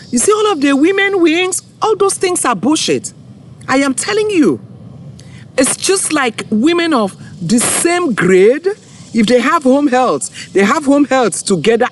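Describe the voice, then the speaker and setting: Emphatic woman, lively pitch. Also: a little hiss or hum. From Africa. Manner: emphatic, repeats her points, pleading. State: tearful. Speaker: host of an online forum. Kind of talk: impassioned direct-to-camera monologue.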